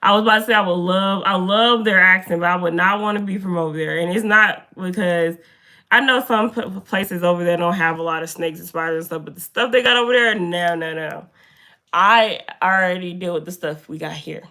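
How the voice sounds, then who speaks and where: Bright-voiced young woman streamer. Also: fairly low pitch, a little fast. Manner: chatty, animated, talks to viewers by name. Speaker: livestreamer. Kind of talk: casual live-stream chat. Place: indoor room.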